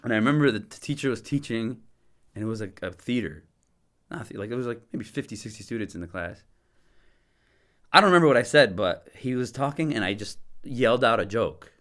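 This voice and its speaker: A young man from Michigan casually telling a story as a podcast guest, animated and slangy, laughing and swearing as he goes. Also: mid-range voice, brisk. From Dearborn, Michigan.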